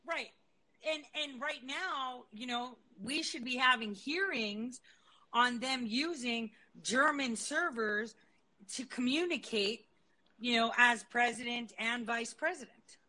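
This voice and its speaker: A woman venting on a podcast, indignant and quick to swear. Her voice sits a little high and sounds bright and forward. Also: poor audio. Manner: indignant, profane, laughs easily. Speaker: podcast co-host. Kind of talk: casual political chat.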